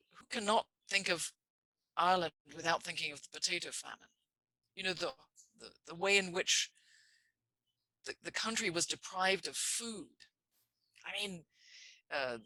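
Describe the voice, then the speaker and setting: A man talking things through in a church discussion, his voice very bright and edged. He circles his points with restarts and fillers, heard close and dry with no room sound. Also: on the high side, no echo, poor audio. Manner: halting, restarts phrases, many "you know" and "I mean". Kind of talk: reflective conversational discussion.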